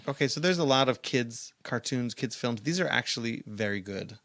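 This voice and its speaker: A man's voice: medium pitch, animated, normal speed, a bit bright, dry recording. Dry-sounding man teasing his cohost. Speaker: podcast co-host. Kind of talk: casual chat.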